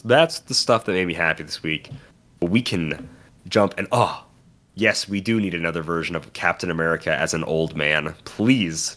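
A young man with a deep yet bright, forceful voice chats casually as a podcast co-host. He tells stories with enthusiasm and an easygoing, conversational tone. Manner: enthusiastic storytelling. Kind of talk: casual chat.

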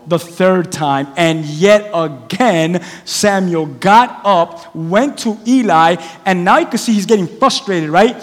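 A male pastor preaching a sermon in a church, telling stories in an animated way and acting out the voices of the people in them. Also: high-pitched, measured pace, hardly any pauses. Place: church sanctuary. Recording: long hall reverb.

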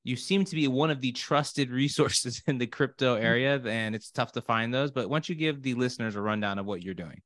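A man's voice: mid-range voice, brisk, few pauses, dry recording. Upbeat male podcast host, dry sound. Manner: energetic, friendly banter. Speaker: podcast host, wealth manager.

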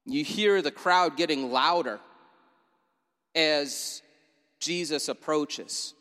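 A fairly high-voiced man preaches a sermon, painting a scene and inviting the congregation to imagine themselves in it. His voice rings out with a long reverb through a church sanctuary. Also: takes it slowly, sharp tone. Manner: vivid storytelling, inviting listeners to imagine. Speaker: pastor.

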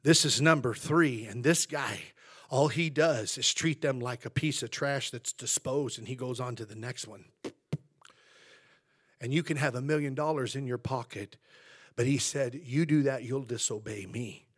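With a mid-range voice at a moderate pace, a male American pastor delivers a sermon in a folksy storytelling style. He swings from hushed asides to loud, forceful declarations.

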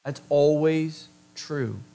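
A male pastor with a fairly high voice, preaching in a conversational way and throwing in teasing asides to the congregation. He drags out key words for emphasis and leans hard on the important ones. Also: very slow, creaky, warm tone. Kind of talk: sermon.

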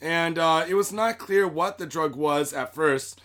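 Laid-back swearing podcast host. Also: male voice, fairly high pitch, a little slow, fairly bright tone. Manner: swears a lot, laid-back, laughs easily. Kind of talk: casual podcast banter, reading news aloud.

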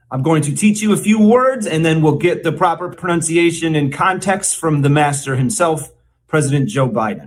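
A man hosting a podcast, presenting a mock language lesson with a teasing, drawn-out teacher delivery. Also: a little high, animated. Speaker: podcast co-host.

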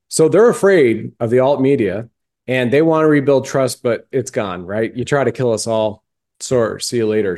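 A man's voice: mid-range voice, darkish tone. A male podcast host interviewing a guest in a fervent, emphatic, folksy way. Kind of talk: interview conversation.

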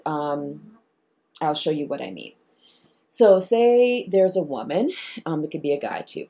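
A woman therapist speaks in a low, husky voice with a mellow tone. She explains her approach to viewers and acts out exchanges with clients, jumping up into animated voices for the quoted lines.

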